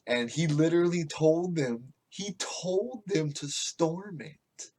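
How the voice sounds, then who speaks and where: This US podcast host has a fairly high, slightly mellow voice and takes his time, sounding animated. His casual political rant is profane and rambling, full of restarts and tangents.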